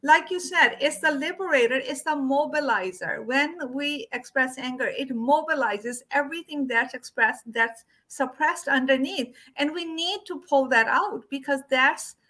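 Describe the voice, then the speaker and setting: A woman hosting a casual wellness conversation, talking expressively and quick to agree. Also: high-pitched, pushed and bright. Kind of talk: casual spiritual wellness chat.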